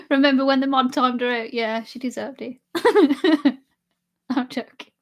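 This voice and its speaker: A woman's voice: high-pitched, expressive, slow pace. A young woman live streamer chatting casually with her chat and laughing often while she drinks. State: drinking alcohol.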